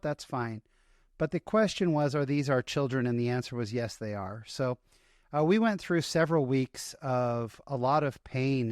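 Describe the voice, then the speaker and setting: A man's voice: medium pitch, dry recording, studio quality. A middle-aged man, a guest in an interview, telling a personal story in an earnest, emotional way with many restarts.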